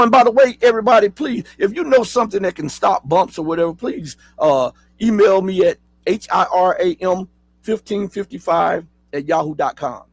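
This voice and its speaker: Husky Southern man with a high voice. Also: dry recording, rough recording. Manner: talks straight to viewers, asks rhetorical questions, spells words out. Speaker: host. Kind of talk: casual commentary, reading an article aloud.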